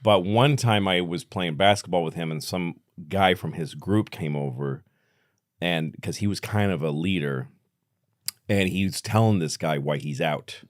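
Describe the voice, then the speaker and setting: Low-voiced middle-aged man telling stories. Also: unhurried, no room sound, clean studio sound. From United States. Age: 50s. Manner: storytelling, blunt and profane. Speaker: podcast guest. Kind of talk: casual chat.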